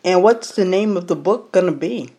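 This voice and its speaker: A woman hosts a podcast and interviews her guest. Her questions are measured, and she pauses now and then on a hesitant filler. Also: fairly low pitch, warm tone. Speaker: podcast host.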